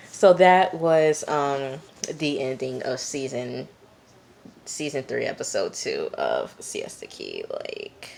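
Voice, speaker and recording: A woman's voice: rumbling low, big pitch swings, slow, vocal fry, darkish tone. A woman vlogger casually recapping a TV episode, chatty and blunt, with lots of "like". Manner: chatty and blunt, heavy use of "like". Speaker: TV review vlogger.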